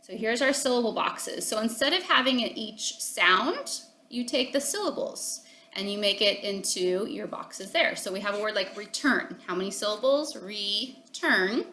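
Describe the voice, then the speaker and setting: Bright encouraging woman teacher. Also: mid-range voice, lively intonation, moderate pace, reverberant, a little hiss or hum. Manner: encouraging, sing-song teacher talk with frequent "okay?". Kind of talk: home phonics lesson for children and parents.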